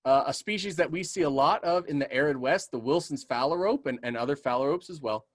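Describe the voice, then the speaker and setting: A man's voice: fairly high pitch, brisk, dry recording, clean studio sound. A man who works as a community naturalist, teaching a casual webinar and answering audience questions with enthusiastic, chatty talk full of ums and okays, his voice a bit tired. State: voice getting tired.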